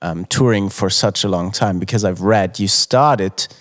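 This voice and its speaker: Low-voiced man hosting a casual interview. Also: measured pace. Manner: supportive, conversational, asks follow-up questions. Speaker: podcast host.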